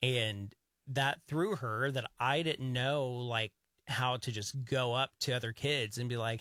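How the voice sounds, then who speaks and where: Bright-voiced man telling rambling stories. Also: mid-range voice, measured pace, dry recording, studio quality. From grew up in the countryside. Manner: animated, rambling storyteller. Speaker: radio show co-host. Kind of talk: casual radio chat.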